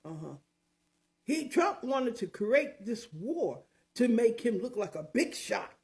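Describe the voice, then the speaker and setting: An older woman hosts her own opinion show and talks with sass and mockery, leaning hard on her words. Her voice sits high and swoops a lot. She takes her time, drawing each point out slowly. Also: big pitch swings, darkish tone. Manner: sassy, mocking, emphatic, drawn-out. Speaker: commentary show host. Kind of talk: opinionated commentary.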